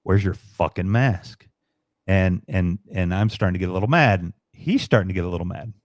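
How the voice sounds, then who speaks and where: A man's voice: low voice, quick pace, no echo, studio quality. A man from Chicago telling rambling, profane stories in a casual live-stream chat. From Chicago, USA.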